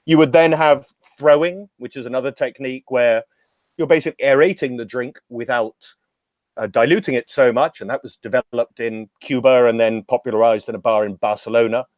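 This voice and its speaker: A middle-aged man holds forth on the craft of the bar, rolling from one anecdote to the next with a wry, knowing humor. His voice sits at a middling pitch and sounds close and dry, with no room around it. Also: steady tone, brisk, darkish tone, no echo. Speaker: podcast guest, drinks educator. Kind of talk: casual storytelling interview.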